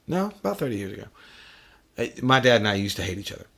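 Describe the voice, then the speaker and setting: A man's voice: on the low side, sing-song, quick pace, creaky, fairly bright tone. A middle-aged man hosting a podcast, talking bluntly and profanely in casual chat. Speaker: podcast host.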